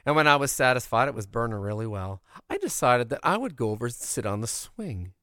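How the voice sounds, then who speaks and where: A man telling a folksy childhood tale in an animated, expressive way. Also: mid-range voice, a little fast, no echo, studio quality. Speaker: storyteller. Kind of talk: oral storytelling of a childhood tale.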